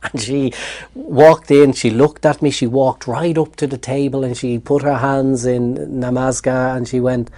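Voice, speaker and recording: Irish man with a mellow voice. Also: mid-range voice, unhurried, few pauses. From Ireland. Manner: animated storyteller, repeats words when excited. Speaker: interview guest. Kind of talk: storytelling in an interview.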